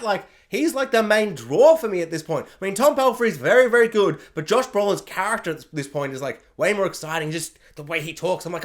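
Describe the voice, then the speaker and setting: An excitable vlogger talking through a TV recap with a very lively, swooping pitch. The delivery rambles, circles back, and keeps breaking into quick acted-out lines. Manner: rambling, animated, lots of fillers and acted-out quotes. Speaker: TV show reviewer. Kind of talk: casual spoiler review vlog.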